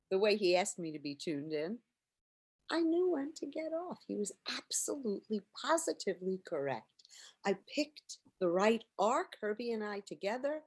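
An older woman, a stage singer, telling lively anecdotes in an interview, acting out quotes and laughing often. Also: mid-range voice. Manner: animated storyteller, acts out quotes, laughs often.

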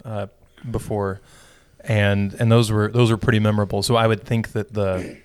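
A man with a low voice talks casually as the podcast co-host who leads the week's Bible study. He jokes dryly and restarts his sentences often. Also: normal speed, clear, resonant tone. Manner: relaxed, dry joking, self-correcting restarts. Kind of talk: casual chat.

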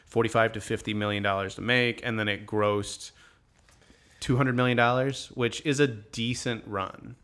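A man's voice: lowish voice, fairly even intonation, normal speed, fairly bright tone. A man co-hosting a casual podcast about films, blunt and opinionated, cursing freely as he critiques. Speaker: podcast co-host. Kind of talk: casual film discussion.

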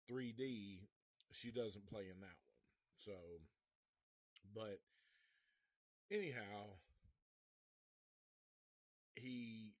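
Brief: man reviewing a movie live, unhurried and rambling, curses a lot, dry close sound. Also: fairly low pitch, dry recording. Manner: rambling, profane, restarts often.

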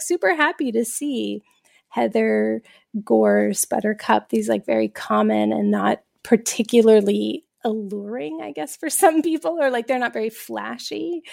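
A woman in her forties hosting a podcast interview, telling stories in a chatty, animated way with frequent laughs. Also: on the high side, gravelly. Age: 40s. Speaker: podcast host.

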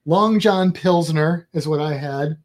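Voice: medium pitch, takes it slowly. A travel vlogger in casual chat, rambling and chatty with playful asides.

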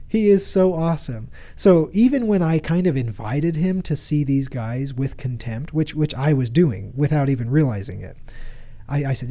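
Brief: man in his 30s, warm and mellow, speaking earnestly to a live audience, conversational and repetitive. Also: a little high, expressive, normal speed. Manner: earnest, conversational, repeats himself. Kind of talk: motivational talk with personal stories.

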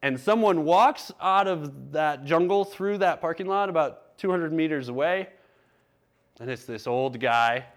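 A man's voice: mid-range voice, smooth. A man preaching a sermon, telling a candid personal story in a conversational way. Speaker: pastor.

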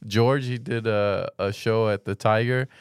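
A man in casual podcast chat who talks in a playful, lively way and laughs often. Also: lowish voice, unhurried, clean tone, dry recording.

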